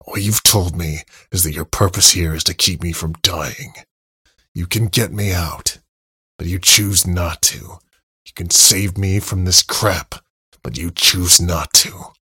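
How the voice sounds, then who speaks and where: A man voicing an angry young man trapped in a cave, speaking in a cold, intense tone with a husky, creaky voice. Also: low-pitched, steady tone, takes it slowly, few pauses, pushed and bright, exaggerated voice. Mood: cold anger.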